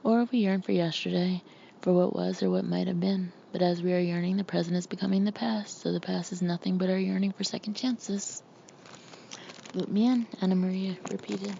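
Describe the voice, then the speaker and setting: A woman reads an audiobook in a steady, measured way, with a gravelly texture to her voice. Her delivery stays flat, without much rise and fall. The recording sounds slightly muffled, with a faint hum underneath. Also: fairly low pitch. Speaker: audiobook narrator. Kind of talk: audiobook narration.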